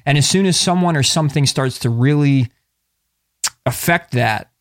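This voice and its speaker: A man co-hosting a podcast in casual chat, relaxed and rambling with many fillers. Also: medium pitch, normal speed, no room sound, studio quality. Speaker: podcast co-host.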